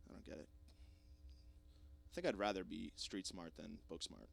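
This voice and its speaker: A young man hosting a podcast, rambling through a jokey, self-deprecating solo monologue with plenty of swearing, swinging between loud bursts and mumbled asides. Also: sits low, moderate pace, gravelly, long pauses. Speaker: podcast host.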